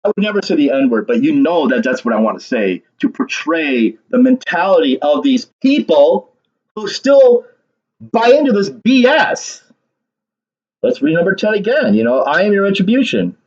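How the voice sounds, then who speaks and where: A man's voice: on the high side, very animated, normal speed, darkish tone, highs cut off. A man talking through casual political commentary in a rambling way, repeating words and leaning on fillers.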